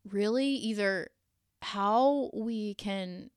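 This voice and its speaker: A woman's voice: mid-range voice, very slow, clear, resonant tone, no echo, studio quality. A woman hosting a solo podcast episode, speaking to listeners in an earnest, emotional, encouraging way. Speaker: podcast host and energy coach.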